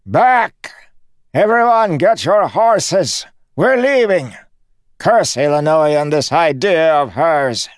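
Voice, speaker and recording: A man's voice: on the high side, lively intonation, slow, no echo, studio quality, pitched above the performer's own voice. A man voicing a panicked aged leader who frantically orders a retreat. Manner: shouting frantic commands.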